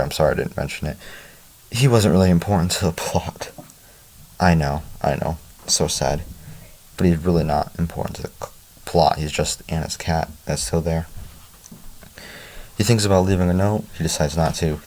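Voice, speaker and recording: A man's voice: extremely low pitch, fairly even intonation, moderate pace, a little mellow. A man casually recapping a book's plot, with chatty offhand asides. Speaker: book reviewer. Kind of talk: casual story recap and reading.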